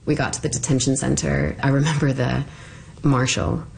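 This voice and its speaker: A middle-aged woman telling a personal story in a casual, halting way with many fillers. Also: a bass voice, fairly even intonation, gravelly, darkish tone, a little hiss or hum. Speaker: interviewee.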